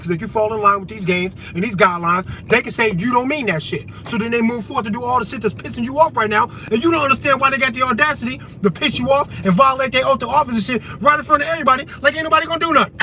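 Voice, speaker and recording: A man vlogging an impassioned, profane political rant to the camera, loud and emphatic, with a faint vehicle rumble behind him.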